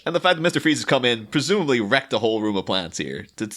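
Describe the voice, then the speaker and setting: A man's voice: mid-range voice, very animated, fast, a bit bright. A man co-hosting a podcast in casual chat, rambling and laughing, acting out quotes. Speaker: podcast co-host.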